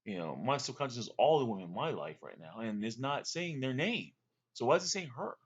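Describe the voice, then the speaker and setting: Man, husky voice, rambling casual storytelling, lo-fi sound, lots of ums and restarts. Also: mid-range voice, big pitch swings. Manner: rambling, searching, quick restarts and fillers. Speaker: vlogger recounting a dream.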